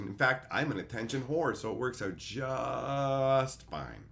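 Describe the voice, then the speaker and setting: A middle-aged man talking casually on a livestream, his pitch swinging widely as he tells stories. He swears freely, laughs often and answers his chat directly. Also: animated, normal speed, gravelly, hardly any pauses, a bit bright. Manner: profane, laughing storyteller. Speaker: streamer.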